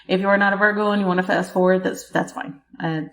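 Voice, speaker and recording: A woman's voice: medium pitch, steady tone, quick pace. A woman hosting a podcast, giving a casual tarot reading and talking straight to the listener, laughing often. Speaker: podcast host, tarot reader. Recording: echoey room.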